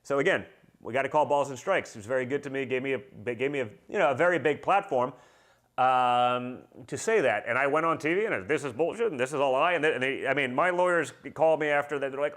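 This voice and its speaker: A man's voice: medium pitch, quick pace, fairly bright tone. A man hosting a casual livestream, talking bluntly and combatively and reading out viewer comments.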